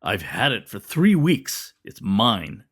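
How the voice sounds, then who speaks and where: A man's voice: very animated, takes it slowly, a bit bright, slightly rough, full character voice. A man voicing a blunt, teasing male cannery worker who talks in curt, grunting bursts. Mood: gruff. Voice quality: grunting, rumbling. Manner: curt, short sentences.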